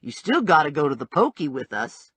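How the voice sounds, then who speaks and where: A woman voicing a brash, streetwise female bounty hunter who talks in blunt slang with a slow drawl, for an audiobook. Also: low-pitched, very animated, a bit bright, breathy edge, no room sound, voice pushed down, heavily acted. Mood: sassy.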